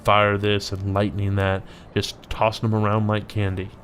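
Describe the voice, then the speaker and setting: A man's voice: on the low side, monotone, moderate pace, fairly bright tone, a little hiss or hum, close to an everyday voice. A man voicing a boastful male magic dealer in a video game, reading the lines aloud in a chatty, bragging salesman's way. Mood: boasting.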